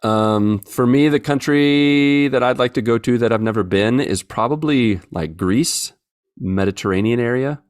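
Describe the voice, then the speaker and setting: A man's voice: medium pitch, unhurried, clear, resonant tone, no room sound, studio quality. A man co-hosting a podcast, chatting casually and joking as he reads out listener messages. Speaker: podcast co-host. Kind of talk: casual chat.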